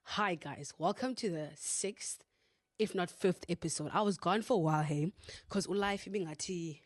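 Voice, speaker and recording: A woman's voice: fairly low pitch, moderate pace, no room sound, studio quality. A young woman from South Africa with a South African accent, out of breath, chatting casually as a podcast host and rambling with lots of fillers. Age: young adult. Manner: chatty, rambling, with many fillers and self-corrections. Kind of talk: casual storytime chat.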